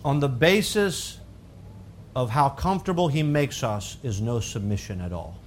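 A man preaching a sermon, swinging from calm teaching to loud, fervent high-pitched emphasis. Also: normal speed, a little hiss or hum.

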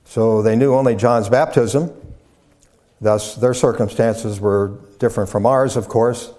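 Man preaching in measured teaching tone. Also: mid-range voice, steady tone, warm tone. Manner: measured, with repetitions and fillers. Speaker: pastor. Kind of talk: sermon lecture.

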